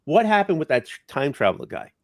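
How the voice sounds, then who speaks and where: A man's voice: a little high, wildly swooping pitch, fast, vocal fry, darkish tone. A man chatting on a livestream, rambling and correcting himself as he goes. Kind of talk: casual livestream chat.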